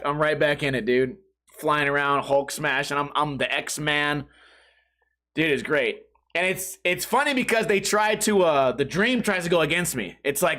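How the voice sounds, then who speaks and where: High, bright-voiced man telling stories. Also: brisk. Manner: animated storytelling, acts out his own reactions; swears freely, says "dude" and "bro". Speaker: podcast host. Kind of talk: casual comedic monologue.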